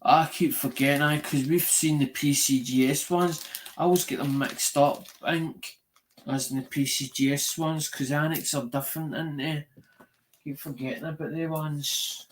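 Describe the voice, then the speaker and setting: A man's voice: a little high, steady tone, moderate pace. Rambling Scottish man telling stories. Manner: rambling storytelling with frequent "right?" and swearing. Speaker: live-stream show host. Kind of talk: casual chat.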